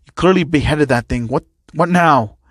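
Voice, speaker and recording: A man's voice: fairly high pitch, normal speed, a bit bright, dry recording, clean studio sound. A man voicing a hot-tempered, swearing young male hero. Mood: aggressive. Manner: aggressive, swearing.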